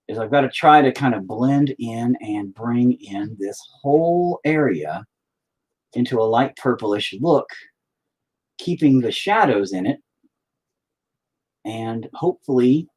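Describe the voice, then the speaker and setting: Husky, animated man rambling while painting. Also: medium pitch, low-quality recording. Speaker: artist painting on a stream. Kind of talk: casual chat while painting. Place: at home near the dining table.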